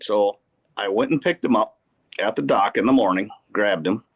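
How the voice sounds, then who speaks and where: A man from Wisconsin, a podcast guest telling casual fishing stories in an animated way. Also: lowish voice, moderate pace, breathy edge. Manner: animated anecdote teller who acts out quotes. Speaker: podcast guest, pro angler. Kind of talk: casual storytelling.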